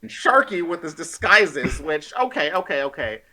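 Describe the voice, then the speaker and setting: Male podcast guest, rambling, loose delivery full of filler words, bright edge to the voice. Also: a little high, very animated, moderate pace, low-quality recording. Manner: rambling, heavy on filler "like", laughs often. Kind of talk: casual chat.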